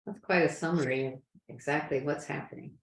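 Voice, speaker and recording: A woman's voice: deep voice, brisk, vocal fry. A woman in a casual group discussion, explaining her point in a conversational way. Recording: echoey room.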